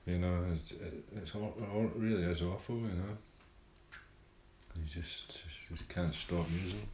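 Brief: man, very low voice, blunt and swearing, casual chat in an echoey room. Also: a little slow, a little mellow, slight background noise. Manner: blunt, swears freely, wry and laughing.

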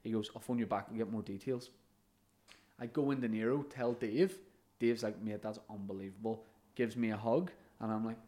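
A man's voice: on the low side, normal speed, warm tone. A man, a comedian and podcast co-host, telling stories in casual chat, laughing often and swearing now and then.

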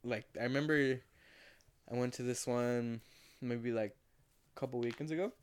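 A man's voice: medium pitch, fairly even intonation, normal speed, clean tone. A man in his twenties co-hosting a podcast, telling stories in a loose, rambling way with frequent laughs. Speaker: podcast co-host. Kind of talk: casual chat.

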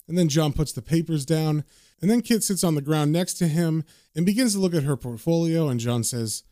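A man's voice: a little high, brisk, dark tone, dry recording, studio quality. A man casually recapping and reading a comic aloud, with loose filler words. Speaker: comic book reader and recapper.

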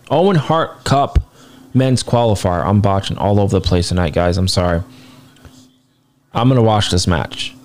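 A man's voice: lowish voice, darkish tone. A man casually reviewing a wrestling show, blunt and rambling, swearing now and then, sounding tired. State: tired, yawning.

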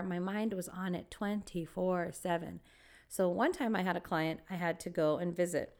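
This podcast co-host is a woman telling a story in a casual chat. She's animated and laughs often, speaking at a moderate pace in a lowish voice.

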